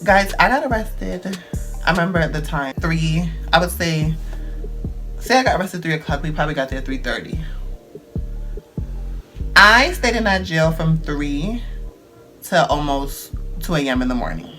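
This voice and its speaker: A young man, telling a dramatic storytime vlog in slangy, animated speech. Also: on the high side, moderate pace, long pauses, faint music behind. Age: 20s. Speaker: vlogger.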